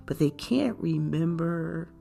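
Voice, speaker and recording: A woman giving an earnest, measured talk that gently explains things to caregivers. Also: low voice, lively intonation, gravelly, faint music behind. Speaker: caregiver educator. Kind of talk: informative talk to camera.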